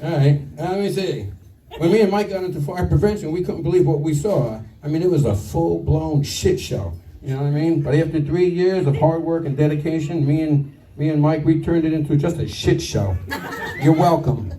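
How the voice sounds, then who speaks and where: A man giving a crude, self-deprecating roast speech at a party, with halting fillers. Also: a little high, mellow. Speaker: retirement roast speaker. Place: banquet room with a crowd. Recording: distant mic, noisy room. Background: crowd laughter and chatter.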